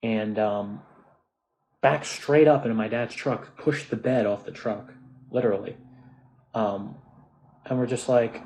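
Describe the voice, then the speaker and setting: A man's voice: mid-range voice, a little slow, long pauses, a little mellow, a little hiss or hum, low-quality recording. A man in his twenties with an American accent, ranting in a casual monologue, swearing often and restarting his sentences. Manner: profane, restless, frequent restarts and fillers. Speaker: vlogger.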